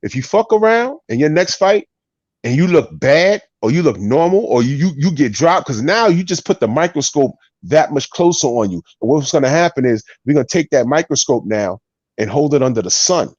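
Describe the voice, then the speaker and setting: A man's voice: a little high, moderate pace, dry recording, lo-fi sound. A man co-hosting a casual boxing show, ranting and swearing in a heated debate. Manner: profane, ranting, animated.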